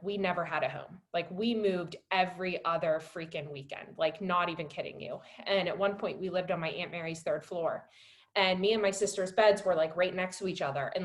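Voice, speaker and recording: On a webinar, a young woman in her 20s who works as a wellness coach shares her personal story emotionally, using lots of fillers. Reliving moments sends her voice climbing high and loud.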